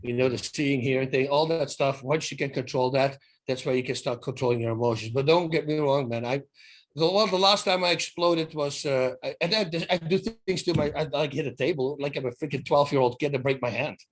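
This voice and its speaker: A man's voice: medium pitch, fairly quick. A middle-aged man from the Netherlands, telling stories in a casual interview and acting out the dialogue, with many restarts. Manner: animated storyteller who acts out dialogue, many restarts. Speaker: guest.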